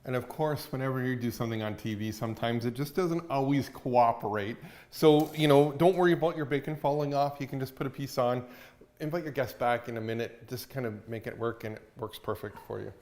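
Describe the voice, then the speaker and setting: A man's voice: medium pitch, fairly quick, darkish tone. A man hosting a cooking show from a cottage kitchen, chatting and explaining as he cooks. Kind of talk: casual cooking demo.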